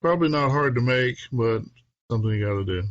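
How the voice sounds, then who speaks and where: A man's voice: mid-range voice, lively intonation, fast, dry recording, dull audio. A man hosting a casual podcast chat, upbeat and chatty, often breaking into little laughs. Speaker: podcast host.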